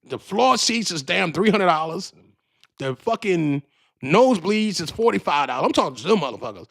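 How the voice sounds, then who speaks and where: A podcast host rants in a loose, profane, rambling way, tripping over his own restarts. His voice has a gravelly rasp and swings widely up and down. The studio microphone sounds dry and close. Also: sits high, sing-song, normal speed, a bit bright, dry recording. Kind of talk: casual rant.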